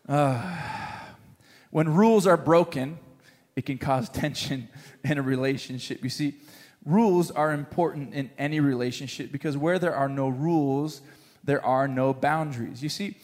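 A man preaching to a congregation, an animated storyteller who jokes with the crowd between points. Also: fairly high pitch, long reverb tail. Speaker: pastor. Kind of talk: sermon with a humorous story. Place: church hall with congregation.

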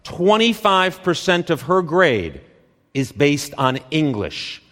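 Dramatic man speaking slowly on stage. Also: on the high side, big pitch swings, fairly bright tone. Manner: deliberate, dramatic short phrases with pauses. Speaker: speaker giving a talk. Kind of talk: live conference talk. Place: stage in a large hall. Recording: long hall reverb from a live stage.

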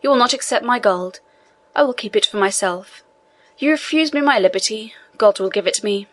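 A woman's voice: fairly high pitch, normal speed, natural voice. A woman voicing an elderly male prisoner, an abbé who speaks in a pleading, insistent way. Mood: defiant.

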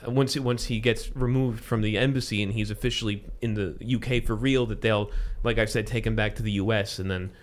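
A man's voice: fairly low pitch, steady tone, a little fast, hardly any pauses. A man hosting a casual podcast chat, rambling with asides and restarts. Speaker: podcast host.

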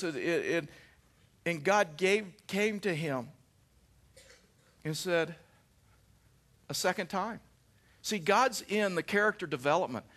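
A middle-aged male pastor preaching a sermon, telling a personal story in an animated way with frequent restarts. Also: a little high.

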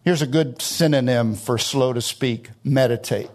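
A middle-aged man preaching a sermon, driving home points by climbing in pitch on key words and drawing out phrases to stress them. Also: unhurried, a little mellow. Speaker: pastor.

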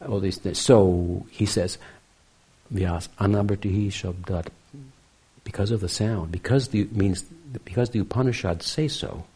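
Man, deep voice, husky, scripture lecture, reflective, questioning asides. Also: moderate pace, mellow. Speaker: spiritual teacher.

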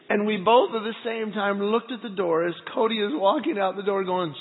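Pastor guy telling stories about his kids, bit high voice, thin phone-ish sound, big echoey church. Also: brisk, hardly any pauses, a little hiss or hum. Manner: animated storyteller acting out family scenes. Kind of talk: sermon with personal storytelling. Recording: phone-like sound with long hall reverb.

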